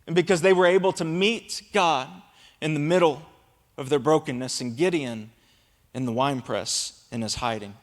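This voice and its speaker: A pastor in his thirties preaches with an earnest, emphatic delivery. His voice sits high for a man. The sound rings with the long reverb of a large church hall. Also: moderate pace. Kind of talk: sermon.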